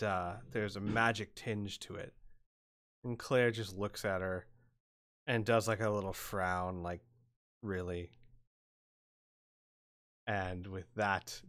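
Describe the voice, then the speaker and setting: Slow, low-voiced man running a tabletop game. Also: fairly bright tone. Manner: playful, laughs often between rulings. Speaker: game master.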